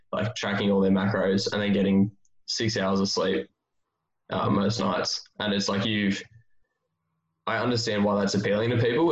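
A man with a lowish voice chats casually about training and fills his sentences with loose fillers. He sounds like he is in a roomy space. The sound is a little muffled and dull. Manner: relaxed, thinks aloud with many fillers. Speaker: strength coach. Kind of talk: casual podcast chat.

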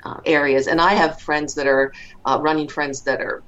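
Low-voiced woman in her fifties. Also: fairly even intonation, moderate pace, a bit bright, dull audio. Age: 50s. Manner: reflective, many fillers and restarts. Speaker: interview guest. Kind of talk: conversational interview.

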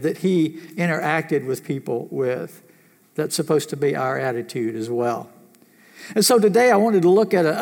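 A man gives a sermon in a big reverberant church hall. His voice sits high for a man, and he talks in a folksy, earnest way as he works through scripture. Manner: folksy storytelling, earnest teaching. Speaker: pastor. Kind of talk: sermon with a told joke.

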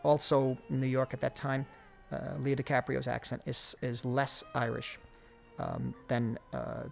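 A man giving a film commentary track, talking in halting runs full of fillers and restarts. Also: medium pitch, very animated, vocal fry, soft background music. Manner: halting, many fillers, quick bursts.

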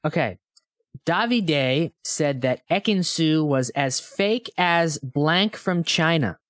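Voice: mid-range voice, animated, takes it slowly, a bit bright, no echo, studio quality. A podcast host running a quiz on a co-host, in casual chat, playful and teasing.

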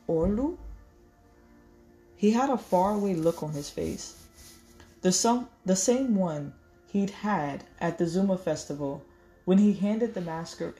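A woman reading a novel aloud in measured storytelling, correcting small slips as she goes. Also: lowish voice, warm tone. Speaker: audiobook reader.

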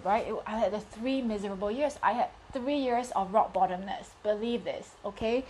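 A middle-aged woman hosting a livestream, giving a casual motivational talk in a frank, animated way with bursts of emphasis. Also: mid-range voice, slight background noise, poor audio. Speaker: host of a women's group livestream.

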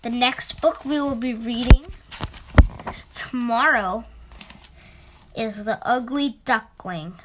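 A woman reading a children's story aloud, gently addressing young listeners. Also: fairly high pitch, slow, pauses often, noisy background. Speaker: storytime reader.

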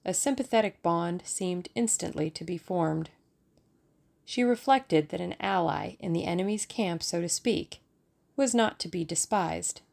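A woman narrating a novel as an audiobook, in a measured and expressive storytelling manner. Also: on the low side, gravelly.

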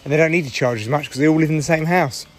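A middle-aged man with a hoarse voice, chatting in a rambling, irritable way and swearing freely on a solo podcast recorded in a parked car. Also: fairly high pitch, racing. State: hoarse from shouting. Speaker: podcast host.

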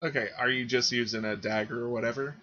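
Husky-voiced game master, bright tone. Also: male voice, medium pitch, highs cut off. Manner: relaxed, halting, with fillers. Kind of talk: running a tabletop game.

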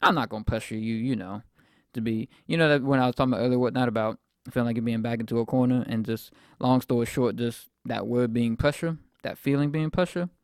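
Young male podcast host, mid-twenties, gravelly, dry close sound, rambling faith testimony. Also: medium pitch, fast talker, darkish tone, dry recording. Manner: reflective, rambling with fillers.

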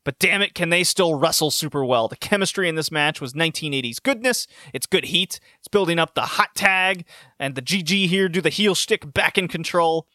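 A man's voice: a little high, lively intonation, brisk, bright, forceful tone, no room sound, studio quality. A man giving a casual, opinionated recap of wrestling matches, sarcastic and prone to restarting his sentences. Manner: sarcastic, opinionated, frequent self-corrections. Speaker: wrestling show reviewer.

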